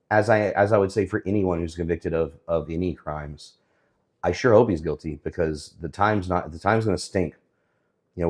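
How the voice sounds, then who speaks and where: A man giving casual, sarcastic commentary on the week's news, often pausing with fillers. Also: low voice, a little mellow. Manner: sarcastic, hesitant with many fillers.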